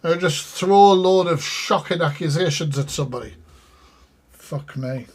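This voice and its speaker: Streamer, fairly high voice, blunt and sweary, talks straight to his chat. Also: normal speed, slightly rough. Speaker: streamer reacting to a live stream. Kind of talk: live reaction commentary.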